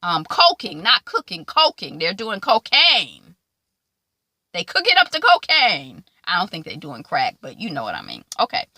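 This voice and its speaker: A woman casually recapping a TV episode, acting out the characters' lines in quick asides. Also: mid-range voice, no room sound. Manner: animated, acts out quoted lines in quick asides. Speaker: TV show reviewer.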